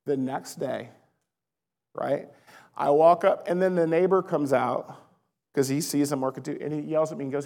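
A male pastor in his thirties tells stories from the pulpit, talking to the crowd as guys. His voice is gravelly and sits a little high for a man. A long hall reverb trails each phrase. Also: moderate pace, long pauses. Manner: storytelling, animated, addresses listeners as guys. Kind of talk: sermon.

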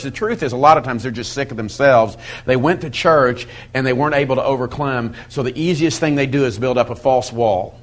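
Man, middle-aged, sermon, conversational, loud-to-quiet swings, mid-pitched voice. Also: brisk, few pauses. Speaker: preacher teaching men's Bible study.

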